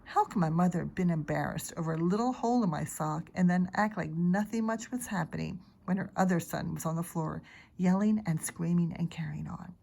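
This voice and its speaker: A teacher reading a children's chapter book aloud, narrating in a steady, expressive way. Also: female voice, on the low side, a little fast, gravelly. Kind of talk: storybook read-aloud.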